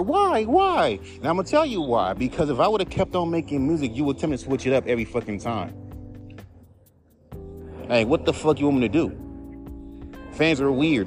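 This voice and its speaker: A rapper rants on his podcast, heated and profane. His voice sits a bit high and jumps around a lot. Faint music plays underneath. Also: a little mellow. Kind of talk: casual rant.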